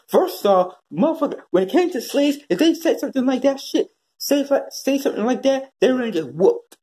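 A man ranting profanely in a commentary vlog, swinging between high yelling and low muttering. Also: lively intonation, fairly quick. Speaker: commentary vlogger.

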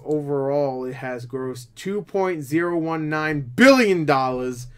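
Tired young man, casual box office chat, rambling, swearing, fairly high pitch. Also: lively intonation, unhurried, clean tone. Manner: rambling, swears a lot, bursts into loud disbelief. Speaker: movie vlogger.

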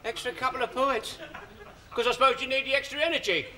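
A hearty bus driver. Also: male voice, extremely high pitch, steady tone, fast talker, pushed and bright. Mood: sarcastic. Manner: hearty, jokey, laughing. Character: cheeky working-class bus driver, food-loving son. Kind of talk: 1960s studio sitcom acting. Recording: hissy old 1960s TV recording.

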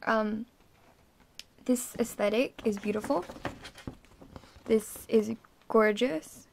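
A young woman filming an excited, rambling unboxing vlog, often dropping to an awed whisper. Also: a little high, slow, vocal fry, slight background noise. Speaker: vlogger unboxing an album.

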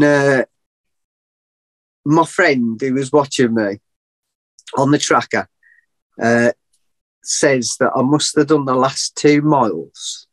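A middle-aged man telling a long story as a podcast guest, animated and rambling, often laughing at himself. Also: medium pitch, no room sound. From England. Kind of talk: casual storytelling.

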